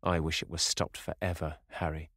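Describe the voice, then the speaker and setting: A sensitive young aristocrat, uneasy and gloomy in his speech, as a male audiobook narrator voices him. Low, dry and close. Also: brisk, dry recording, close to an everyday voice. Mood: bitter. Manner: anxious, pleading, subdued. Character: sensitive, brooding young gentleman.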